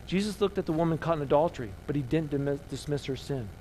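A middle-aged man preaching a sermon as pastor, swinging between loud emphasis and soft, hushed lines. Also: a little high, fast talker, a little hiss or hum, poor audio.

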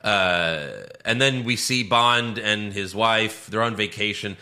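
A man in casual movie-review chat, ranting with swearing, his voice jumping high when he gets outraged. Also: measured pace, pushed and bright. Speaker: podcast co-host.

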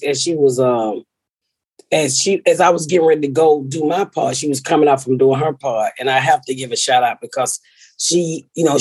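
Husky, foul-mouthed woman telling stories. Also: extremely low pitch, dry recording. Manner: profane, storytelling with animated quoted voices. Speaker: podcast host. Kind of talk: casual chat.

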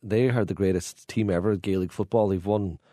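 A man's voice: lowish voice, fairly even intonation, brisk, dark tone, no echo, clean studio sound. A man from Donegal with a Donegal Irish accent, a tour guide telling jokey anecdotes as a guest in a casual chat. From Ireland, Donegal.

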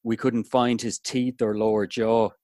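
A man with an Irish accent reads a poem aloud in a measured way. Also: on the low side, flat delivery, mellow, dry recording.

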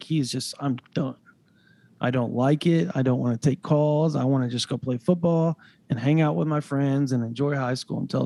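A young man co-hosting a casual sports podcast, rambling with lots of fillers and getting animated when excited. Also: fairly high pitch, no room sound. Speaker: recruiting analyst co-host.

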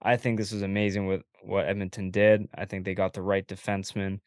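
Man, lowish voice, dry close sound, relaxed, agreeable, podcast host, casual hockey talk. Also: a little fast, smooth, no room sound. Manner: relaxed, agreeable, laughs often, hands off questions.

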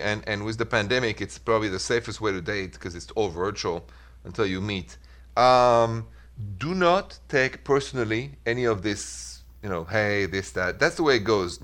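A middle-aged man with a French accent, hosting a call-in radio dating advice show in a lively, chatty way, dropping in French phrases. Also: lowish voice. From France.

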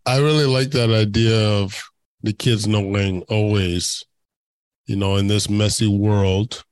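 Male podcast host; low, flat and unhurried, halting and affirming. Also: smooth, dry recording. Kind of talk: conversational podcast interview.

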